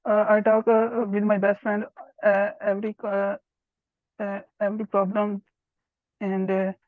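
A woman's voice: mid-range voice, little pitch movement, no room sound. Hesitant woman learner on a tinny line. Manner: hesitant, halting, many pauses and fillers. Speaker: English learner taking a test. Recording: tinny, phone-like call audio.

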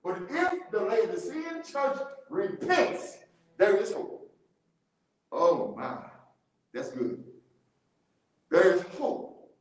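A man with a high, lively voice leads a church Bible study, speaking slowly and drawing out his points. He repeats key words and often breaks into laughter. The sound rings with heavy echo from the church room.

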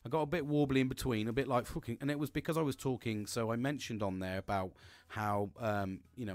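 A man's voice: lowish voice, no echo. A middle-aged man hosting a podcast, telling a personal story in a frank, rambling way and swearing constantly. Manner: frank and heavily profane, rambling with restarts. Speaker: podcast host.

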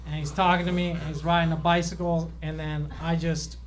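A man's voice: on the high side, level tone, brisk, very noisy. A young man doing a rambling, self-deprecating stand-up set on a comedy club stage, with plenty of fillers and restarts.

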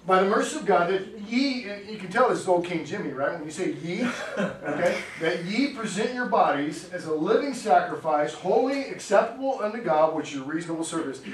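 A man's voice: high-pitched, animated, fairly quick. A middle-aged man, a pastor, preaching a sermon in a chatty, storytelling way with frequent laughs, in a church sanctuary. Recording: echoey church hall, distant mic, faint noise.

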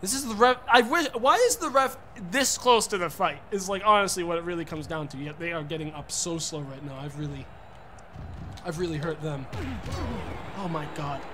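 A young man streaming a wrestling game, frustrated and profane, yelling at the referee between muttered plans. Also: fairly high pitch, normal speed, a little hiss or hum. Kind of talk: gaming commentary.

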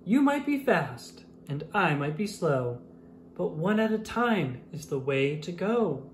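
A reader voicing a small, cheerful, friendly blue pickup truck in a storybook, speaking in a high, bright, polite way. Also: very animated, takes it slowly, slight background noise. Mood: firm. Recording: roomy echo.

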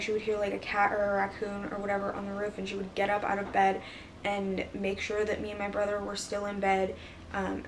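Flat-voiced woman telling a story. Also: medium pitch. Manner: rambling, filler-heavy retelling. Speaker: vlogger. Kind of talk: casual storytelling. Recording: voice a bit far from mic, faint background hiss.

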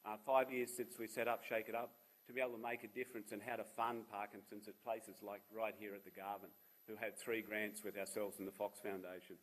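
This Australian man in his fifties has a lowish, breathy voice with a level tone and a brisk pace, and the recording is rough. Speaking at a seminar as a charity founder, he tells stories from his own life and pokes fun at himself along the way.

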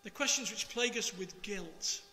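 A man, a priest, reading the Gospel and preaching in a slow, measured, expressive way. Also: sits high, long reverb tail, slight background noise.

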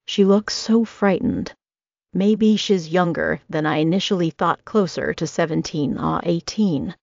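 A woman narrating a first-person audiobook with a steady, dramatic reading. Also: fairly low pitch, measured pace, creaky, no echo. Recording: dry, slightly muffled recording.

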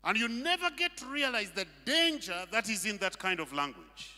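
A man's voice: sits high, sing-song, moderate pace, sharp tone. A male pastor preaching a sermon, emphatic and full of rhetorical questions. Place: church hall. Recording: long reverb of a hall.

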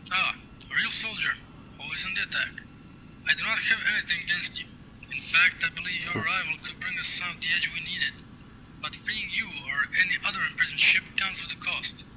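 An actor playing a calm, formal male scientist leader who speaks without contractions. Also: sits high, brisk, poor audio. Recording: game audio with steady background noise.

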